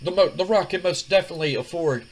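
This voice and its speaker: A man's voice: fairly high pitch, quick pace, pitched above the performer's own voice, lightly acted, rough recording. A man doing a brash third-person-talking movie star. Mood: boastful. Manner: talks about himself in third person, swaggering. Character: cocky male movie-star wrestler, brash and boastful.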